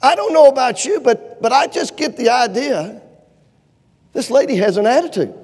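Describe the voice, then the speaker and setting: A man preaching a humorous sermon in a church auditorium, folksy and animated, asking the crowd for amens and shows of hands. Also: very high voice, normal speed, breathy edge. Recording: long reverb of a large hall.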